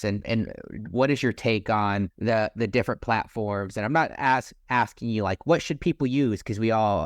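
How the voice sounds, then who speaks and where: A man with a lowish voice co-hosts a podcast, rambling and restarting his sentences as he asks questions. His voice is recorded dry and close. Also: no room sound. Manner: rambling, hesitant, frequent restarts. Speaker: podcast co-host. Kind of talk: casual podcast conversation.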